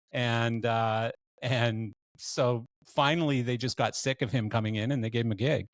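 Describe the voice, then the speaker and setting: A Canadian man hosts a podcast in easy, rambling talk, stopping and restarting as he spins his stories. His voice sits at an ordinary middle pitch. The sound is dry and close, with no room around it. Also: fairly even intonation, moderate pace, dry recording. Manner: rambling storyteller, lots of fillers and restarts. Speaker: podcast host. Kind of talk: casual interview chat.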